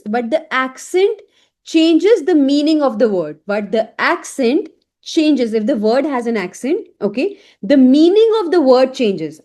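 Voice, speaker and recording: A woman teaching an online French lesson. She explains slowly, repeats words and often checks in with "okay?". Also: high-pitched, warm tone.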